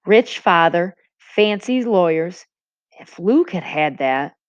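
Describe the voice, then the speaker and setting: A woman, a teacher, reading a novel aloud to a class with a brisk, expressive delivery. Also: fairly low pitch. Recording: dull lo-fi recording.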